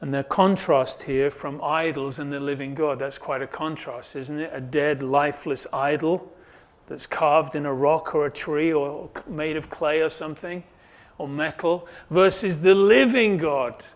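A male pastor preaching a sermon, building up loud on key points and dropping soft at the close, with frequent restarts. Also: steady tone, a little slow. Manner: rises and swells when stressing a point, then drops low and soft; repeats and restarts phrases while preaching.

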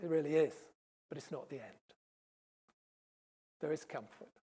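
Preacher, sermon, emphatic, loud stresses and hushed asides, church service. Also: medium pitch, a little slow, breathy edge.

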